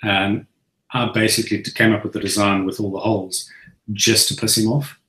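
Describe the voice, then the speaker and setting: A man with a South African accent, telling a relaxed story as a guest on a chat show. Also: on the low side, brisk, echoey room, poor audio. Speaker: guest modder. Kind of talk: casual chat.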